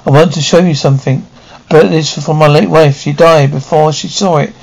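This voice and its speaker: A gentle middle-aged lawyer, earnest and courting, as a man reads him. The voice is gravelly and slightly high. It sounds like an amateur storybook reading. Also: steady tone, moderate pace, rough recording.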